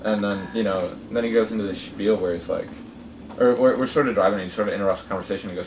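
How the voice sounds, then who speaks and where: Low-voiced guy telling a rambling road story outdoors, mic a ways off, lots of background noise. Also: fairly even intonation, fast talker, a little mellow, recorded from a distance, rough recording. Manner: rambling, with many fillers and restarts. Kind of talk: casual storytelling. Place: outdoors at a gathering.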